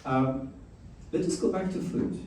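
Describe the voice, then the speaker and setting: Speaking a little slowly in a high-pitched, darkish voice, the host of a fireside chat jokes and chats, frequently starting his sentences over. The sound comes from a distant mic in an echoey hall, with slight background noise.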